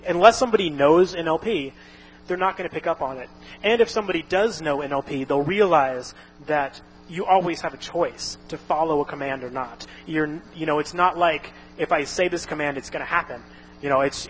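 A man's voice: on the high side, a little hiss or hum, rough recording. A man casually explaining a topic, rambling with frequent restarts and fillers. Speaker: instructor.

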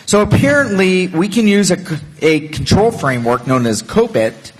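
A man's voice: sits high, sing-song, moderate pace, in a large hall. A man on a conference panel, telling a funny story in a jokey, self-deprecating way. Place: large conference hall.

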